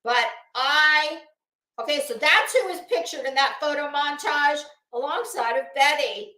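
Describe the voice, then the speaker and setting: A woman's voice: high voice, a little slow, sharp tone, roomy sound. A woman hosting a casual live stream, greeting viewers by name and swearing freely. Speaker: livestream host.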